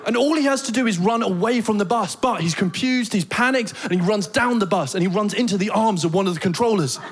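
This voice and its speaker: British guy doing standup, highish voice, swears a lot, acts out the crowd. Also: a little fast. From Britain. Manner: animated storytelling, swearing, acting out crowd shouts. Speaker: stand-up comedian. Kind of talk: stand-up comedy set. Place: theatre stage before a laughing audience.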